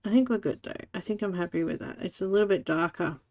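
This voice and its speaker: A woman's voice: lowish voice, fast talker, a little mellow. A woman hosting a live coloring stream, chatting casually and telling stories with frequent laughs. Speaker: livestream host. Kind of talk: casual chat while coloring.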